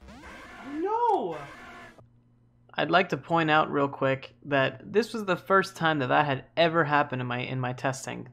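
A young man giving casual gameplay commentary, animated and swearing freely as he talks to the game. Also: fairly high pitch, creaky. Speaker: gaming YouTuber.

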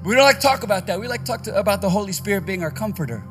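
Male pastor, high voice, energetic conference sermon, faint music underneath. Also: very fast. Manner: energetic preaching, rising to shouts. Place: conference stage.

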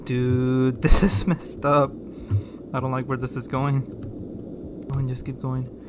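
A man plays a horror game and talks the whole way through, jumpy and repetitive, cursing under his breath or louder when spooked. His voice sits at an ordinary middle pitch, with clear game noise running behind him. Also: completely flat delivery, measured pace. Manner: nervous running commentary, repeating phrases, swearing. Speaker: gaming YouTuber. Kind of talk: horror game let's play commentary.

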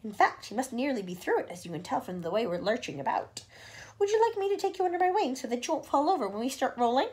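A woman voicing a kind, gentle female ladybird in a storybook reading, talking in a chatty, reassuring way. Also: high voice, sing-song, fast, voice pushed up.

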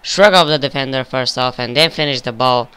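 A young man giving casual, profane commentary over a football video game he is playing, flaring up in frustration and excitement. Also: medium pitch, a little fast, clear, resonant tone. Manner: swears often, flares up with frustration and excitement. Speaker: gaming video creator.

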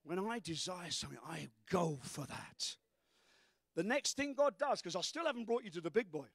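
A man preaching a sermon as pastor, fervent and breaking into shouts. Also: high-pitched, animated, moderate pace, vocal fry, no echo.

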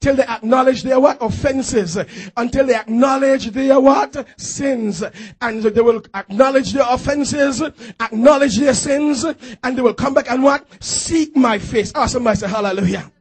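A man's voice: extremely high pitch, normal speed, husky. A man pastor preaching a fervent call-and-response sermon in a church, urging the congregation to repeat phrases after him.

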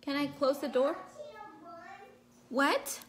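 A woman's voice: high-pitched, slow, noisy background. A woman chatting casually through a makeup tutorial at home, breaking off to talk to her child. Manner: chatty, scattered, talks to viewers and her child mid-task. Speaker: makeup vlogger. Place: at home indoors.

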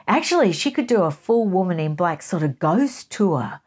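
A middle-aged woman hosts a casual gossip show, chatting along in a playful, giggly manner. Her voice sits slightly low for a woman. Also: sing-song, normal speed, a little mellow, breathy edge. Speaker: host.

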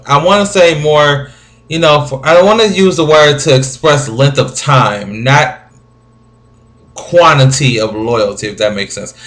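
A man's voice: mid-range voice, fairly bright tone. A young man vlogging casually, reading out viewer comments with dramatic, rambling asides and a voice that sometimes sinks to a mumble. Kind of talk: casual chat to camera.

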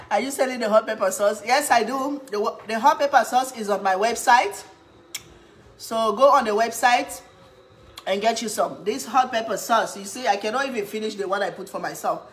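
A woman's voice: moderate pace, slight background noise. Chatty woman humming while eating. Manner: chatty, talks while eating, hums with pleasure, bursts into cheers; playful sales pitch for her own products. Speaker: cooking vlogger. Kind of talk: casual eating vlog chat.

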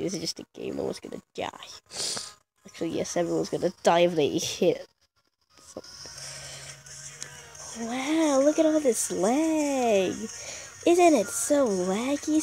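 A woman's voice: mid-range voice, darkish tone. Chatty girl narrating her gameplay. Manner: chatty, teasing, talks back to the game. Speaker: gamer. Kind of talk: casual gameplay commentary.

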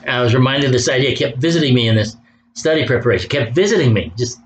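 A man's voice: mid-range voice, animated, fast, a little hiss or hum, poor audio. A man preaching an impassioned sermon, reading scripture aloud and pressing his points with rising fervor. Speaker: pastor.

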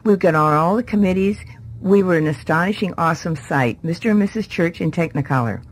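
A middle-aged woman giving her faith testimony as an interview guest, telling it as a lively story and acting out the people she quotes. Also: fairly low pitch, fairly quick, breathy edge.

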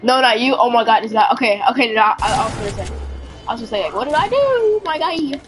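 A fairly high-voiced woman chatting live to her viewers while playing. She talks in loose, slangy bursts and gets excitable when the action picks up. A faint hum of noise sits under her voice. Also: fast. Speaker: game streamer. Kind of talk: casual livestream chat while gaming.

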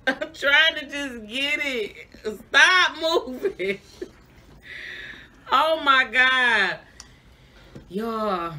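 A young woman hosting a food challenge vlog, her voice very bright and fairly high. She swings her pitch all over while groaning and squealing in disgust at what she eats, chatting straight to her viewers. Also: lively intonation, very slow, pauses often. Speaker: vlogger doing an eating challenge. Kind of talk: casual vlog chat to viewers.

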